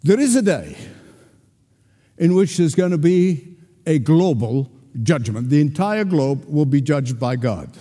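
A male pastor preaching a sermon with emphatic delivery and dramatic pauses. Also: fairly high pitch, sing-song, mellow. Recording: long hall reverb.

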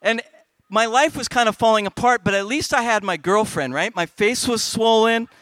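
Man, middle-aged, high voice, bright, dry close mic, animated comic storytelling, youth event speaker. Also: moderate pace, dry recording. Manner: animated, comic storytelling with big shifts in loudness. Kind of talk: storytelling talk to kids.

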